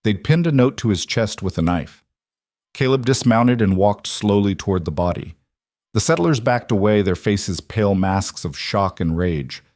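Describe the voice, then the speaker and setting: A man's voice: lowish voice, lively intonation, moderate pace, darkish tone. A man reading a scripted western story as narrator, telling it steadily.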